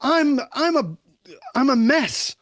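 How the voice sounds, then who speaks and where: An older man, a leadership mentor, telling candid personal stories emphatically in conversation, sometimes swearing and dropping low and soft. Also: expressive, slow, no echo.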